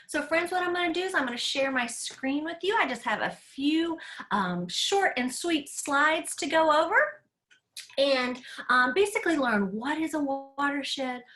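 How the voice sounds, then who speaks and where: A woman from Tennessee with a high-pitched, fairly bright voice hosts a live online class for children as an aquarium educator. Playful and enthusiastic, she talks straight to the kids over a computer mic.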